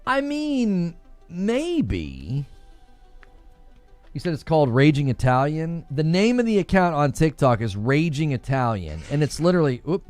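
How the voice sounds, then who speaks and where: A man's voice: fairly high pitch, very animated, measured pace, a little mellow, no room sound, soft background music. A man hosting a gaming podcast in casual chat, rambling with many fillers and laughing easily. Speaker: gaming news podcast host.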